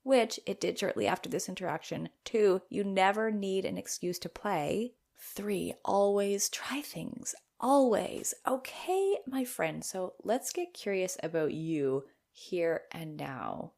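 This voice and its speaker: Woman podcast host, low gravelly voice, playful, animated, reading her own blog post with asides. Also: unhurried, hardly any pauses.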